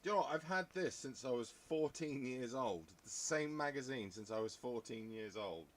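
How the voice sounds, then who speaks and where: A man's voice: mid-range voice, expressive, moderate pace. A man, chatting casually as a podcast host, rambling along with jokey asides. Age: 50s. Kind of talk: casual chat.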